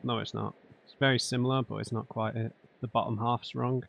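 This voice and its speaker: A man's voice: mid-range voice, little pitch movement, a little fast, vocal fry, highs cut off, a little hiss or hum. A man doing let's play commentary, thinking aloud and muttering to himself while he works through a puzzle. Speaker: gamer.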